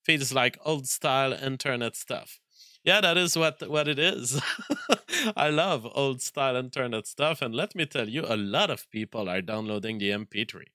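A man with a noticeable French accent talks on a live stream in a crisp, forceful voice. He pauses and restarts often as he reads viewer messages and thinks aloud, and the sound is dry and close. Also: mid-range voice, no room sound. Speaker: livestream host reading viewer messages. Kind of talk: casual live-stream chat.

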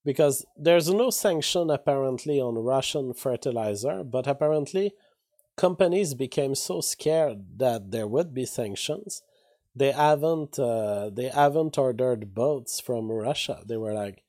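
A man talking through the news in a loose, casual vlog. His voice sits at an ordinary pitch with a mellow, warm tone, and he drifts into offhand asides between the headlines he reads out. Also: measured pace. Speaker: vlogger reading news. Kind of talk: casual commentary on read-out headlines.

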